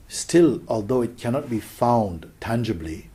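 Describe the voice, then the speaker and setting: A man giving a contemplative spiritual talk as a teacher, gentle and questioning, often sinking into a whisper. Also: mid-range voice, expressive, unhurried, breathy edge.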